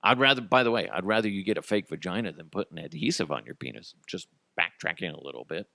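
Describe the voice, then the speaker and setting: Gravelly rambling comedy podcast host man. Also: deep voice, animated, bright, forceful tone, dry recording. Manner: rambling, crude, jokey, quick to laugh; tosses in goofy character voices.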